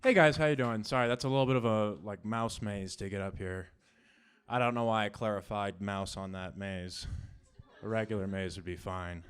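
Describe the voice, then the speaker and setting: A young man doing a self-deprecating stand-up set with quick asides and apologies to the crowd. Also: on the low side, steady tone, smooth. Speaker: stand-up comedian. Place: comedy club.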